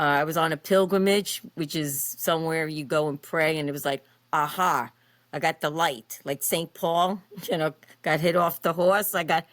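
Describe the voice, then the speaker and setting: Speaking with a lowish voice and no room sound, a woman in her fifties appears as a podcast guest. She's animated and expressive while sharing her personal story, with many fillers.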